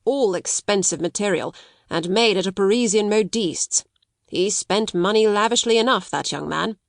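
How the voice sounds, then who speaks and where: A woman's voice: mid-range voice, normal speed, gravelly, dry recording, studio quality, natural voice. A woman reading a storybook voices a shrewd male solicitor who speaks brusquely and with disapproval. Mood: critical, curt. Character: curt, shrewd male solicitor, dry little man.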